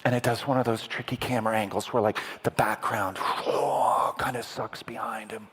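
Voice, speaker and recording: A man preaching, telling a story in a dramatic, animated way with sound effects to a live congregation. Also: on the low side, brisk, husky. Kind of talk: sermon storytelling. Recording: echoey hall with long reverb.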